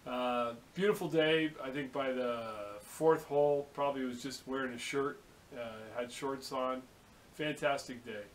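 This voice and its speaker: A man's voice: mid-range voice, fairly even intonation, unhurried, slight background noise, poor audio. A man from the San Francisco Bay Area, talking casually inside a vehicle, rambling, cursing and telling stories with quoted dialogue. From San Francisco Bay Area, USA. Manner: chatty, swearing, storytelling with quoted dialogue. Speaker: vlogger.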